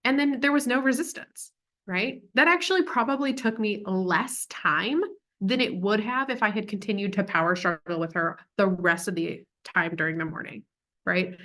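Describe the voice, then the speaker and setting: A woman's voice: mid-range voice, moderate pace, fairly bright tone. A young woman talking through a parenting lesson in a casual, chatty way, with plenty of "like" and "um". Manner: chatty, full of "like" and "um" fillers. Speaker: parent educator. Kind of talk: casual teaching talk.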